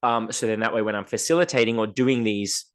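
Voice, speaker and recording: Animated man telling stories. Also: lowish voice, fairly quick, clear, resonant tone. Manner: animated storyteller, acts out dialogue in raised voice. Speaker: podcast co-host. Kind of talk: casual chat.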